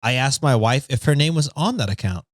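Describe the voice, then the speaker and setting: A man's voice: mid-range voice, expressive, brisk, no room sound. A man co-hosting a podcast, reading stories aloud in a casual chat and laughing often.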